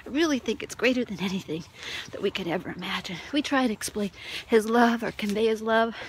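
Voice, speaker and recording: A woman giving an emotional personal testimony, often laughing softly and dropping into whispers. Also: a little high, fairly quick, slight background noise. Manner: tearful, laughing, drops to whispers. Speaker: Christian testimony speaker.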